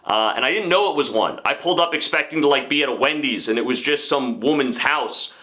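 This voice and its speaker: A man's voice: medium pitch, animated, brisk, sharp tone. A man hosting a comedy podcast, telling a rambling story with self-aware asides. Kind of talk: comic storytelling.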